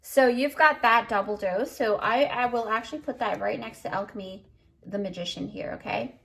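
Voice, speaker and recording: A woman's voice: on the high side, moderate pace, gravelly, a bit bright. A woman giving a pick-a-card tarot reading in a chatty, emotional way, full of fillers, and choked up. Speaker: tarot reader.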